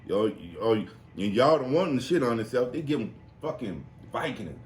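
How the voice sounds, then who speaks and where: A podcast host recounts stories at normal speed, lively and foul-mouthed, raising his voice to a high pitch whenever he imitates someone. The space sounds echoey, with faint noise underneath.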